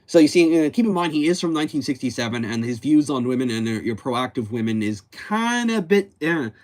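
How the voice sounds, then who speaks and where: Guy rambling through a story recap for his channel, keeps correcting himself, mid-pitched. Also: expressive, fairly quick, a little mellow. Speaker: YouTube host.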